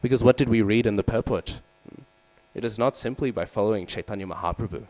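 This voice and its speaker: Man, low voice, temple sermon, frequent "hmm?" asides, faint mains hum. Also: fast, a little mellow, rough recording. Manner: frequent "hmm?" and "right?" checks with listeners; acts out quoted lines with raised voice. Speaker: devotional class speaker. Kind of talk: scripture class sermon. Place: temple hall.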